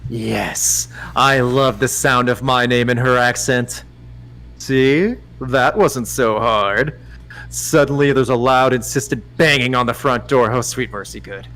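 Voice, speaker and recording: A man as guest reader on a livestream, giving a mock-dramatic, teasing reading and loudly urging the host on. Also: mid-range voice, measured pace, poor audio. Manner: teasing, theatrical, swings to loud urging.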